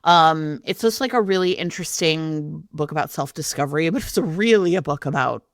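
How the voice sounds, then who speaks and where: A woman co-hosting a book podcast, recommending a novel in relaxed chat with hesitant fillers. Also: sits low, a little fast, no room sound, clean studio sound. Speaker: podcast co-host.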